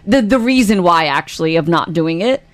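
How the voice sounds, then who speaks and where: A woman's voice: lowish voice, lively intonation, moderate pace, no room sound. A woman co-hosting a radio show from the studio, chatting with her colleagues and reading the gossip news into a studio mic. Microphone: studio microphone with headphones.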